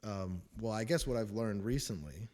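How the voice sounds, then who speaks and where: A man's voice: lowish voice, lively intonation, moderate pace, a little mellow. A man hosting a casual spiritual talk, rambling through his testimony and chuckling often. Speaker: host of a spiritual talk show.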